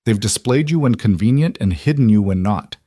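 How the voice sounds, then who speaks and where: A man voicing a protective, firm middle-aged man who speaks in an earnest, measured way. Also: fairly low pitch, animated, mellow, no room sound.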